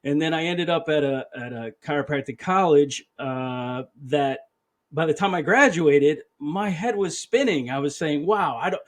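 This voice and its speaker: A man's voice: on the high side, measured pace. A man in his fifties, a chiropractor guest, telling a personal story in an earnest, emotional way and often quoting himself. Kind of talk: storytelling interview answer.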